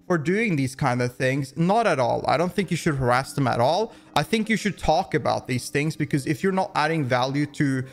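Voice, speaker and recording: A man's voice: on the high side, lively intonation, moderate pace, few pauses. A man giving opinion commentary, rambling along with frequent restarts and fillers. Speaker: commentary YouTuber.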